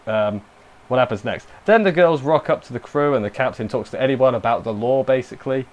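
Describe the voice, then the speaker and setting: A man's voice: medium pitch, fairly quick, a little mellow, muffled recording. A young man casually recapping and reviewing an anime episode, rambling with self-deprecating asides and lots of fillers.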